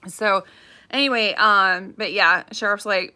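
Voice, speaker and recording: A woman chatting casually on a livestream, gossipy and animated, repeating herself as she tells a local story. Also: medium pitch, moderate pace. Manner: chatty, animated, says "craziness" often. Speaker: realtor livestream host.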